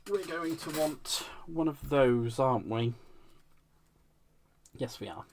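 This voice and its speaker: A man's voice: mid-range voice, slow, slight background noise. Chatty man crafting live. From United Kingdom. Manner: chatty and playful, talks to himself and viewers with giggles and silly repeated words. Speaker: craft channel host. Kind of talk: casual live crafting chat.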